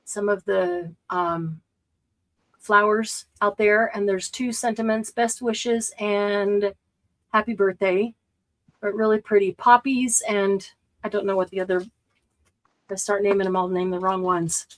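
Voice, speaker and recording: A woman's voice: mid-range voice, steady tone, a little slow, rough recording. Chatty woman hosting a live sale. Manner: chatty, shows items and counts stock aloud. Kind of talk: casual live-stream sales chat.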